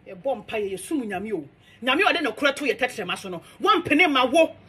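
A woman's voice: fairly high pitch, very animated, fast, a bit bright, husky. A young Ghanaian woman delivering a heated, defiant, scolding monologue rant. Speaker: social media commentator.

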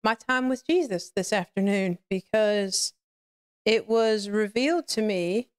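A woman's voice: medium pitch, unhurried, clean tone. A woman hosting a live-streamed faith podcast, talking candidly and rambling as she greets her chat and shares personal reflections. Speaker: podcast host.

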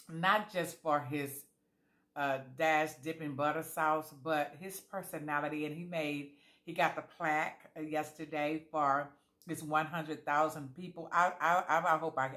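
A woman with a bright, forceful voice talks casually to her viewers while tasting food. She chats freely and calls her audience y'all. Between bites she lets out contented, savoring hums. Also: low-pitched. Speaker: food vlogger tasting jellies.

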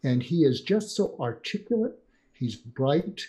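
An older man appears as a psychiatrist guest in a conversational interview, telling lively stories and acting out the dialogue he quotes. His voice is fairly high and his pace a little slow.

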